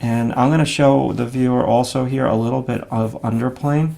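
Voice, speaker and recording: A man giving a relaxed drawing lesson, talking through each stroke as he draws, with frequent fillers and self-critical asides. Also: mid-range voice, moderate pace, creaky. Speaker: drawing instructor. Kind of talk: casual instructional narration while drawing.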